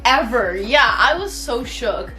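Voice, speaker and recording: A woman's voice: fairly high pitch, animated, slow pace, bright, forceful tone, soft background music. A young woman telling a party story in casual, slangy chat, laughing often. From Russian background. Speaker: vlogger.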